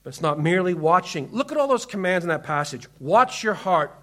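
A pastor with a high voice delivers a sermon from the pulpit. He reads scripture aloud and drives home his warnings with emphasis. His voice moves between firm, loud commands and soft, hushed asides. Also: animated, a little fast.

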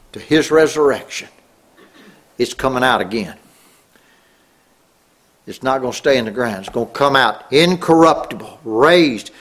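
A middle-aged man preaching a sermon, earnest, rising on key words and dropping low. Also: fairly bright tone.

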